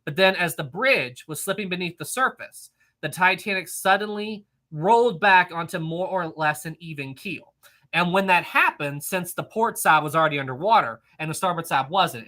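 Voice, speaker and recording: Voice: medium pitch, sharp tone. A live-stream trivia host who reads out viewers' answers in casual chat, upbeat, laughing often and repeating praise and questions.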